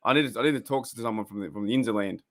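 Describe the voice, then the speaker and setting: Excitable Australian man chatting. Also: lowish voice, racing. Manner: rambling, excitable, reacts to game play. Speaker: sports stream host. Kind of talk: casual live reaction chat.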